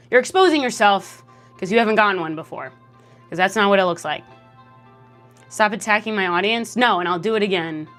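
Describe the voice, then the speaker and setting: A woman's voice: mid-range voice, fairly bright tone. A young Canadian woman with a Canadian accent, chatting casually on a livestream, reading out chat and answering with teasing sarcasm. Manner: sarcastic, teasing, swears freely.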